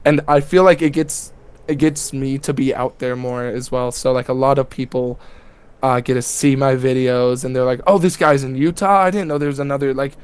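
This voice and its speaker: A man's voice: medium pitch, fairly even intonation, moderate pace, clear, resonant tone. A man chatting casually as a podcast guest, laid-back and rambling with lots of fillers. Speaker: guest piercer.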